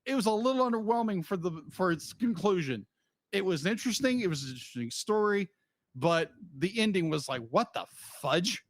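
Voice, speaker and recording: A man co-hosting a podcast, talking loosely and restarting his sentences as he goes. His voice sits on the higher side. The sound is dry and close, with no room around it. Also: expressive, brisk, dry recording. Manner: rambling, with frequent restarts and laughs. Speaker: podcast co-host. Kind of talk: casual chat.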